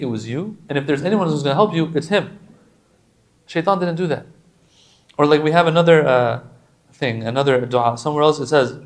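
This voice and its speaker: Lively, slightly high-voiced male preacher. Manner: animated, casual and joking, recites Arabic supplications quickly. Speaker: religious lecturer. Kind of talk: sermon.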